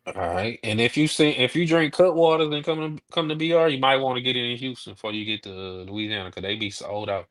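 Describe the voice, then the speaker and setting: A man's voice: mid-range voice, fairly quick, hardly any pauses, fairly bright tone, rough recording. A man co-hosting a podcast who gives easygoing tips in casual chat. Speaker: podcast co-host.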